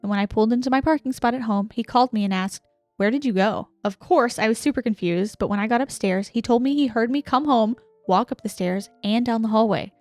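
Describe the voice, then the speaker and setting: Young woman podcast co-host, calm storyteller, higher voice, dry close sound. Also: a little fast, no room sound, soft background music. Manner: calm, reserved reader, laughs easily. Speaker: podcast co-host reading listener stories. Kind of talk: casual chat and reading stories aloud.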